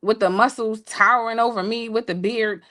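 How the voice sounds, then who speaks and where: A woman co-hosting a show, telling a story in a casual, playful way with laughing asides to listeners. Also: moderate pace. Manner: animated, jumps high when quoting people. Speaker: podcast co-host telling a story.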